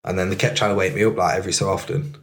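A man's voice: deep voice, flat delivery, rapid-fire, fairly bright tone, slight background noise. A young man telling a rambling story as a podcast guest, full of fillers. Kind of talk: casual podcast chat.

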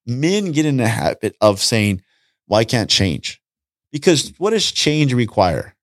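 A man talking casually on a podcast, an animated storyteller who acts out conversations and repeats his points. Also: mid-range voice, measured pace, no room sound, clean studio sound. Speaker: podcast guest, street preacher. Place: podcast studio.

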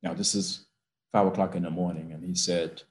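Man, university president, low voice, emphatic storytelling, roomy echo. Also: level tone, moderate pace. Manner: emphatic, builds to forceful peaks. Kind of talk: storytelling interview. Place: his office.

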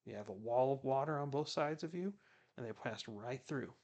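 Gravelly man giving casual Bible commentary. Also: medium pitch, normal speed, a little mellow. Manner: chatty, retells scripture in everyday words.

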